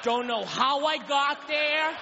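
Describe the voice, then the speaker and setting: Brief: male stand-up comic, very high voice, rambling self-mocking stories, dull live recording in a big reverberant room. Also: lively intonation, slow, vocal fry, heavy background noise. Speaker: stand-up comedian. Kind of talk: stand-up comedy routine. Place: comedy stage before a live audience. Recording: lo-fi live club recording with hall echo and crowd.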